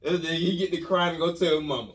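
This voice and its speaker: Lively man telling a comic story. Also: a little high, quick pace, recorded from a distance. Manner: lively, repetitive, restarts phrases with slang. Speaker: podcast host telling a story.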